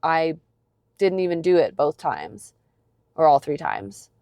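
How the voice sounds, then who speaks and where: With a deep, sing-song, darkish voice, a thirtysomething woman talks slowly in a casual vlog from her parked car. The phone is held close and the recording is dry; she rambles, mocks herself, and fills her speech with fillers.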